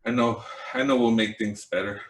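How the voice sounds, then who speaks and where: A man's voice: medium pitch, steady tone, moderate pace, fairly bright tone, slight background noise, voice pushed down, close to an everyday voice. A man voicing a frantic man fleeing his home planet, out of breath and rambling, in a roomy echo.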